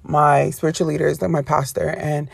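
A woman casually retelling a personal story to her viewers, rambling and animated with frequent self-corrections. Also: low-pitched, normal speed, vocal fry, breathy edge, no room sound.

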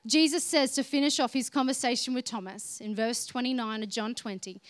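A woman preaching a sermon in an earnest way, swinging between soft, quiet passages and emphatic ones. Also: a little high, steady tone, fairly quick, hardly any pauses, dry recording.

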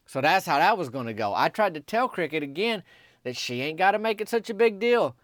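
A man's voice: sits high, big pitch swings, a little fast, fairly bright tone, no echo, clean studio sound. A young man telling a rambling, folksy story in a comedic character monologue.

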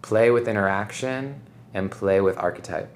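A man's voice: lowish voice, normal speed, a little hiss or hum. A man hosting a podcast in casual chat, rambling and reflective, often saying "like" and "right?". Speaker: podcast host.

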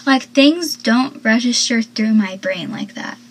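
A woman's voice: fairly high pitch, animated, unhurried, slight background noise, rough recording. A young woman casually recapping a TV episode, rambling, talkative and full of asides.

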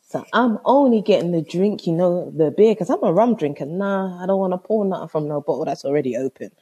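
A woman telling a comic story in a casual, animated, exasperated way, swearing freely. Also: on the low side, brisk, hardly any pauses, breathy edge.

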